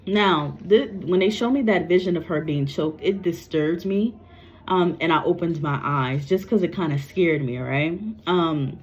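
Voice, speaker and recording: A psychic medium speaks to camera in a fairly low, slightly slow female voice, giving a casual spoken reading. She's blunt and repetitive and curses freely, and the recording is dull and lo-fi.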